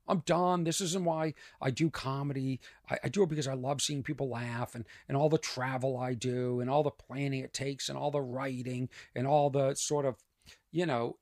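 A man, a stand-up comedian, telling a story on his podcast in an exasperated, animated way. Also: a little high, dry recording, studio quality.

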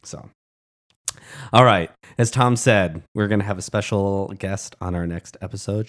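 A man with a somewhat low voice co-hosts a podcast in relaxed conversation. He speaks earnestly and with real passion. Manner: earnest and impassioned. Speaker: podcast co-host. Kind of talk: casual podcast chat.

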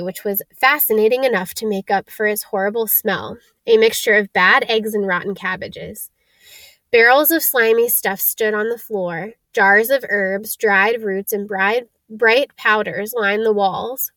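A woman reading a storybook aloud as narrator, in a steady, unhurried storytelling way. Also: mid-range voice, no room sound.

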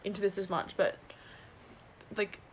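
A woman's voice: mid-range voice, steady tone, a little slow, a little hiss or hum. A woman in her twenties co-hosting a podcast, reflective and supportive in casual chat. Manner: supportive, reflective, frequent agreeing. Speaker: podcast co-host.

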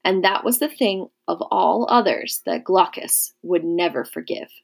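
Woman narrating a novel, gravelly edge. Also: lowish voice, very animated, unhurried.

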